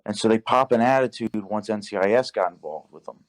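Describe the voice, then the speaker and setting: Low-voiced young man swearing through a story. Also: fairly quick. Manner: profane, animated retelling with quoted dialogue. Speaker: podcast guest. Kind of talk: casual storytelling.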